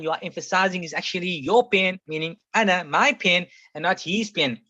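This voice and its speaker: A man with a high, sharp-toned voice patiently walks a classroom through Arabic grammar, repeating every example several times. The sound is dry, muffled and somewhat lo-fi.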